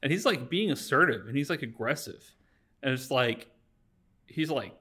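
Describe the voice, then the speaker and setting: A man's voice: medium pitch, animated, sharp tone, breathy edge. Rambling man recapping a movie. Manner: rambling, acts out characters' lines in quick voices. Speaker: podcast host. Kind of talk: casual chat, recapping a movie.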